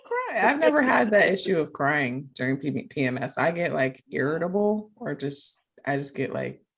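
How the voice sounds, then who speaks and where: Gravelly, husky middle-aged woman. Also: low-pitched, moderate pace. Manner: animated storyteller who acts out quoted exchanges. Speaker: podcast co-host. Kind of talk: casual chat.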